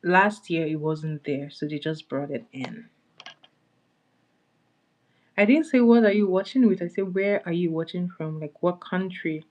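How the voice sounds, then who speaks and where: A woman's voice: low-pitched, measured pace, long pauses. A woman hosting a casual makeup livestream, chatting with viewers and greeting them by name as she applies products. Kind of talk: casual live-stream chat.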